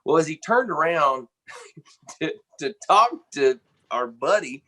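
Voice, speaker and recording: A man, a band's drummer, telling a backstage story in an animated, casual way, full of "man" and "you know.". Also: fairly high pitch, slow pace. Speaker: band drummer interviewed.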